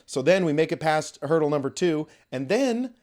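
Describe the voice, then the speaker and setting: A young man hosting a podcast tells a story casually and with animation, cursing freely and performing quoted voices. His voice is on the high side and expressive, with a darkish tone and normal speed.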